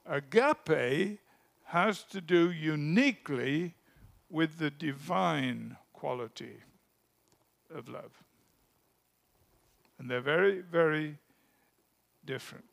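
Slow, gravelly-voiced male preacher. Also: a little high, animated. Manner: deliberate, emphatic, phrases trailing off softly. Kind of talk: sermon.

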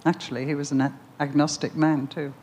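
An older woman giving a Christian talk, telling a personal story in an animated, emphatic way full of questions. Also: low-pitched, brisk, lo-fi sound. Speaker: Christian speaker.

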